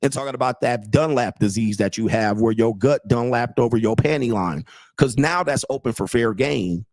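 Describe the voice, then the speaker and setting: A blunt, crude man in his late forties riffs and reads chat on his livestream, mocking his listeners and laughing at his own jokes. His voice sits at an ordinary middle pitch. The sound is dry and close, with no room around it. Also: normal speed, darkish tone, dry recording. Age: 40s. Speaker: host and dating coach. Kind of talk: livestream commentary reading chat.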